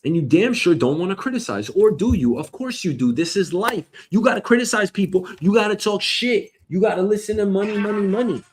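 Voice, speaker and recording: Middle-aged male comic host with a slightly high voice, loud profane rambling rant. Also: lively intonation, brisk, few pauses, breathy edge. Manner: loud, rambling, swears a lot, mock voices.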